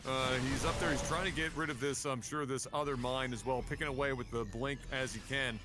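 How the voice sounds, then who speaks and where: A man co-casting a strategy video game in casual commentary, reacting with loud exclamations. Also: mid-range voice, steady tone, fairly quick, background noise. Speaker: game co-caster.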